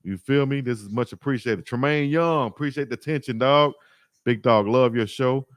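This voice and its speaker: A man's voice: medium pitch, moderate pace, dry recording, studio quality. Man chatting on a livestream. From Alabama. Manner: slangy, animated storytelling, reads chat aloud. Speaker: sports YouTube host. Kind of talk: livestream chat reading comments.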